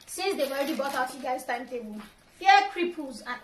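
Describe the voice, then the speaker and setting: A young Nigerian woman with a high, bright-toned voice talks through her tips one by one in an upbeat, chatty vlog. She sits back from the mic in an echoey room, with a faint hum of ambience behind her. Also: quick pace, recorded from a distance. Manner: upbeat, gives numbered tips. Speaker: vlogger, law graduate. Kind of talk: casual advice vlog.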